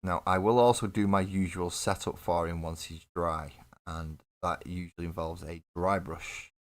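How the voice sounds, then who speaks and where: Low-voiced man, rambling banter. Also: steady tone, normal speed. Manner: rambling, joking, self-deprecating banter with chat. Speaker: miniature painting streamer. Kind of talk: casual live-stream chat while painting. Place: home painting desk. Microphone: desk mic on live webcam stream.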